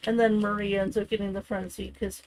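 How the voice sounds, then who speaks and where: A young woman talks casually while crafting on her livestream, rambling and saying "like" and "you know" a lot. Her mid-range voice is level, fairly quick and a little mellow, and the poor audio carries a slight hiss or hum.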